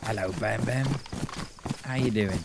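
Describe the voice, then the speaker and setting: A man voicing his gaming friend as a deep-voiced, laid-back man with a slow, friendly drawl. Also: creaky. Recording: noisy game audio behind.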